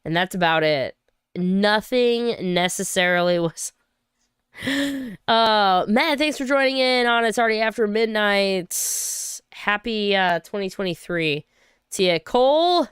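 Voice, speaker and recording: A woman from Saint Louis hosting a casual livestream, chatty and quick to laugh and cheer, on a close home mic. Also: mid-range voice, lively intonation, a bit bright, clear, resonant tone, no echo. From Saint Louis, USA. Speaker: livestream host.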